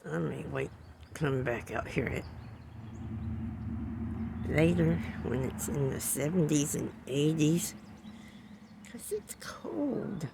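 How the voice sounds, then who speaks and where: A man vlogging casually outdoors at his bird feeders, rambling quietly to viewers on a phone camera. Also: fairly high pitch, takes it slowly, creaky, long pauses. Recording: outdoor birdsong and ambient noise.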